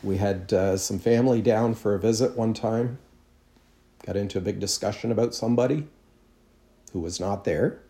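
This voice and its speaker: A man's voice: fairly low pitch, normal speed, dark tone. A man, a pastor, preaching a sermon in a conversational storytelling way with self-deprecating humor.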